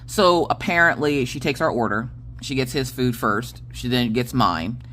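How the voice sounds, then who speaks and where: A woman in her late thirties casually telling a story, animated and punctuated with "okay?" asides, on a close mic. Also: rumbling low, moderate pace, a little hiss or hum. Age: 30s. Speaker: crafting channel host.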